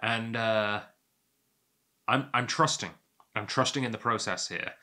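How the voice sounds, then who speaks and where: A man with a rather low but bright, forward voice hosts a casual whisky tasting. He talks to the camera in a loose, rambling, self-amused way. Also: fairly even intonation, unhurried.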